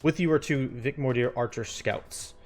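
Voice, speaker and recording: A man running a tabletop game as game master, narrating scenes in a descriptive, steady storytelling manner. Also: medium pitch, normal speed, faint music behind.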